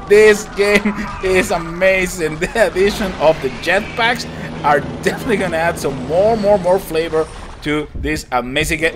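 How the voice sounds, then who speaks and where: A young man hosting a gaming channel, giving excited let's-play commentary, laughing, exclaiming and repeating himself as he plays. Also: sits high, normal speed. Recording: game music behind voice.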